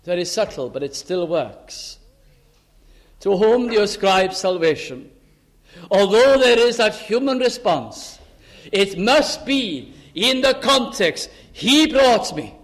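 Man, preacher, sermon, high voice, urgent pleas and hushed asides, old-fashioned scripture quotes. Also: expressive, slow pace. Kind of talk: sermon on a psalm.

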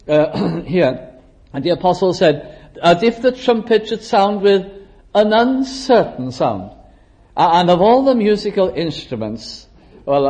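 A man preaches a church sermon at a measured pace, and his voice sits a little higher than most men's. He draws out key words when he stresses scripture. Now and then he clears his throat or restarts a phrase. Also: darkish tone. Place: church service.

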